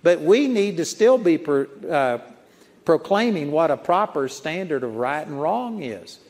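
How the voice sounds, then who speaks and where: A man preaches in a slightly high, darkish voice, very animated yet measured in pace. His sermon takes a folksy storytelling approach, and he chuckles at his own stories. Long reverb from the large auditorium surrounds his voice.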